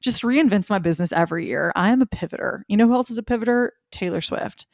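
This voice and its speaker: A woman's voice: medium pitch, fast talker, creaky, a little mellow, no echo, studio quality. A young woman hosting a spiritual podcast, chatting casually and upbeat, often laughing and acting out what people said. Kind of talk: casual chat.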